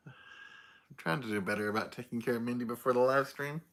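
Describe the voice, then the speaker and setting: Bright-voiced tired man hosting. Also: mid-range voice, brisk. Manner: greets viewers by name, playful. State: tired, stuffy nose. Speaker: livestream host. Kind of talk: casual livestream chat.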